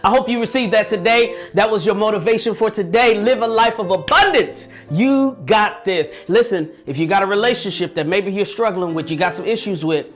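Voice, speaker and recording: With soft music in the background, a high-voiced man talks fairly quickly and with hardly any pauses, giving an earnest motivational speech in a preaching tone. He addresses listeners directly, repeating and restarting words.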